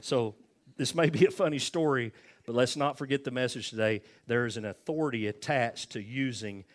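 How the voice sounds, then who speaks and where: A man's voice: mid-range voice, normal speed. An older man, a pastor, closing his sermon with a folksy story, acting out the voices in it, then leading a prayer. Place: church sanctuary.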